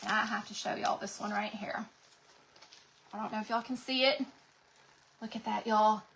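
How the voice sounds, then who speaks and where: A woman's voice: mid-range voice, fairly even intonation, normal speed, gravelly, fairly bright tone, rough recording. A woman hosting a craft livestream, chatting and gushing to viewers, her voice cracking from a sinus infection. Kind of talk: casual livestream chat to viewers.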